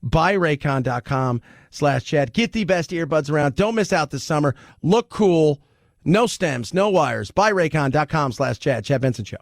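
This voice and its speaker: A man hosting a talk radio show, chatting in a joking, animated way and laughing often. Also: fairly high pitch, normal speed, no room sound, clean studio sound. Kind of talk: casual talk radio monologue.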